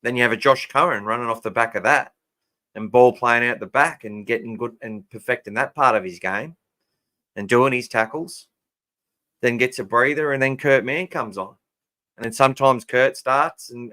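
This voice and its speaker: A man's voice: medium pitch, sharp tone. An Australian man hosting a casual fan podcast, chatting and answering listener comments. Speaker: podcast host.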